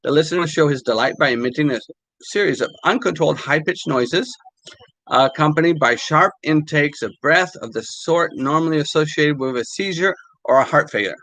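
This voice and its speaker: An older man, a language teacher, talking casually and haltingly with many fillers while reading quotes aloud. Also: on the high side, a bit bright, no room sound, rough recording.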